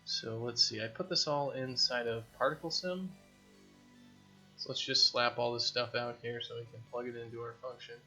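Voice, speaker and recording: A man with a bright, forceful voice talks casually through a dev vlog, rambling and poking fun at himself as he works on his game from a home basement. Faint music plays quietly underneath. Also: medium pitch, fairly even intonation, moderate pace. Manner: rambling, self-deprecating, joking. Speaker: indie game developer. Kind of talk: casual dev vlog talk while programming.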